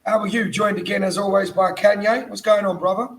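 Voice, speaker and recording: A man's voice: high-pitched, steady tone, fairly quick, rough recording. A tired man hosting a casual, banterous football chat podcast. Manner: chatty, banterous. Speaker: podcast host.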